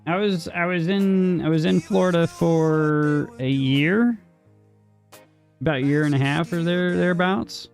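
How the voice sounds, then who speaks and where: A man's voice: fairly high pitch, a little slow, creaky, a little mellow, faint music behind. Chatty man streaming a strategy game. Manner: chatty, repeats words as he talks. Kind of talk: casual gaming commentary, reading chat.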